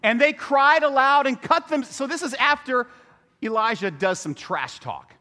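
Animated joking pastor in a reverberant church. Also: male voice, very high-pitched, a little slow. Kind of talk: humorous sermon. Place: church sanctuary.

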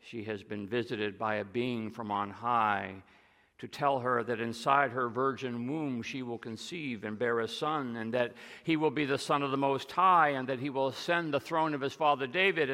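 A man preaching a sermon, retelling stories and dropping to a hush on key lines. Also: medium pitch, normal speed, in a large hall. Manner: storytelling, drops to a soft hush on key lines.

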